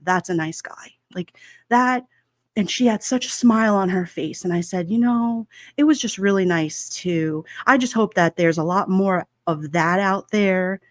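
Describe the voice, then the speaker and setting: A woman in her forties hosts a casual chat livestream, rambling along in a chatty way with lots of fillers and laughter. Her mid-range voice moves at a measured pace, and the studio-quality recording has no echo.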